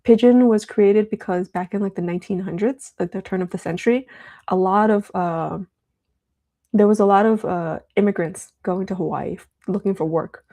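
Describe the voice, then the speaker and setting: Chatty woman with a gravelly, mellow voice. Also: mid-range voice, moderate pace. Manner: chatty, rambling, with many fillers. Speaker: livestream host. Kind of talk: casual live-stream tech demo.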